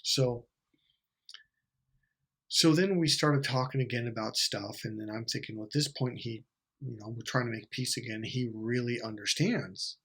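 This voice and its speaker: A man's voice: mid-range voice, normal speed, a bit bright, breathy edge. A man vlogging to camera, telling a rambling, profane story with laughs between lines. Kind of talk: casual storytelling vlog.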